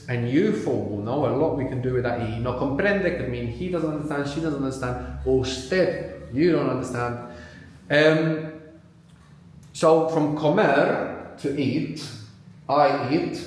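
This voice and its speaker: A man's voice: medium pitch, darkish tone. A man teaching at a live workshop, patiently asking learners questions and walking them through each step. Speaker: language teacher. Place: large live venue with audience. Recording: very echoey hall.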